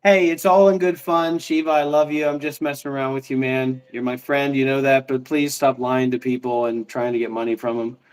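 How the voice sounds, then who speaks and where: A man's voice: medium pitch, flat delivery, fairly quick, few pauses, smooth. A man in casual livestream banter, mocking and taunting with a lot of swearing.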